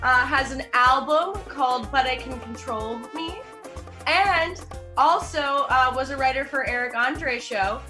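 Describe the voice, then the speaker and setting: A woman's voice: high voice, a little slow, over music. A woman hosting an online comedy show, introducing the acts with giggles. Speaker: show host.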